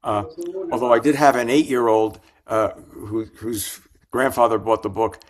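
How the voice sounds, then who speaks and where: A man's voice: lowish voice, fairly even intonation, normal speed. Older rabbi guy telling stories in an interview, thoughtful, restarts a lot, little jokes. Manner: reflective, warm anecdotes with gentle humor and restarts. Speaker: rabbi and author. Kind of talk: storytelling in an interview.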